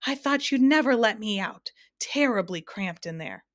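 A woman reading a storybook aloud, voicing a loud, shapeless male smog creature who bellows, laughs and sobs. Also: fairly high pitch, a little fast, vocal fry, pitched above the performer's own voice. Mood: booming. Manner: bellowing, roaring with laughter, sobbing. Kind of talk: storybook narration.

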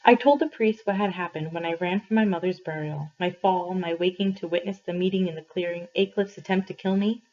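A woman reads a novel aloud to her class in a calm, measured storytelling voice. Her tone is husky and a little breathy. The recording sounds dull and lo-fi. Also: on the low side. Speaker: teacher reading aloud.

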